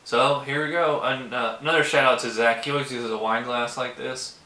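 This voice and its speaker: A man's voice: medium pitch, fairly even intonation, normal speed, bright, forceful tone. A man hosting his own beer review show, talking casually and rambling with lots of fillers as he tastes. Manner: rambling, heavy use of "like" and "um". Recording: roomy echo.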